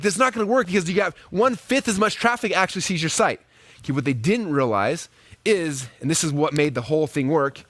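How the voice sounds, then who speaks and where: A man teaching online marketing in an energetic monologue, acting out quoted messages in a raised voice. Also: no echo. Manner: animated, acts out pop-up messages in high voices.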